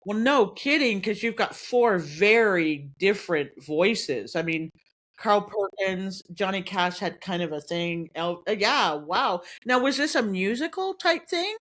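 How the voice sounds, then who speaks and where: A woman's voice: mid-range voice, animated, unhurried, fairly bright tone. Woman interviewer, upbeat and gushing, casual chat. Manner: enthusiastic, effusive praise. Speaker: host, interviewer.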